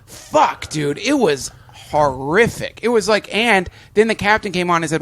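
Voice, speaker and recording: A man hosting a podcast, telling vivid, animated stories in casual chat. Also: sits high, unhurried, hardly any pauses. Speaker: podcast host.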